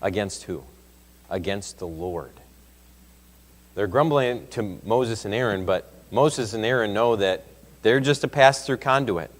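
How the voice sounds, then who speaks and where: Low-voiced male Sunday school teacher, chatty, builds emphasis, long church-room reverb. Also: measured pace. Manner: conversational, reads scripture aloud with rising emphasis. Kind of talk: Bible class teaching. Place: church classroom.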